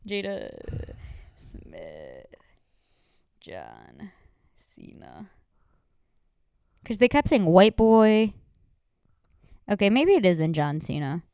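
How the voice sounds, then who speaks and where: A young woman co-hosting a podcast in a casual chat, animated and laughing often, with lots of "like" in her speech. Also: mid-range voice, drawn-out words, pauses often, clean tone, no echo, studio quality. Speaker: podcast co-host.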